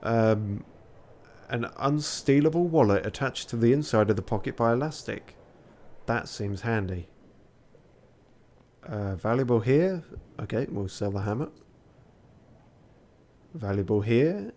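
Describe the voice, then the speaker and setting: A man's voice: lively intonation, measured pace, long pauses, darkish tone. A tired man, a streamer muttering casual gameplay commentary, swearing now and then. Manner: low-key muttering, swears often. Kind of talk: casual gameplay commentary, reading game text aloud.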